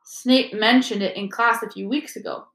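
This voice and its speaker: Clever careful teen girl, read by a woman, earnest, a bit high, echoey. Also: fairly even intonation, normal speed, a bit bright. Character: clever, cautious teenage schoolgirl. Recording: echoey room.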